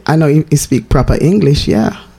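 A woman's voice: sits low, lively intonation, fairly quick, vocal fry, dark tone, breathy edge. A woman chatting casually with a friend, laughing often and arguing playfully. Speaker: church member. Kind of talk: casual chat between friends.

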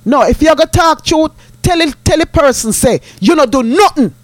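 A woman's voice: high voice, lively intonation, moderate pace, dry recording. A woman with a Jamaican accent telling a story in an indignant, emphatic way, repeating herself as she makes her point. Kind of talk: storytelling monologue.

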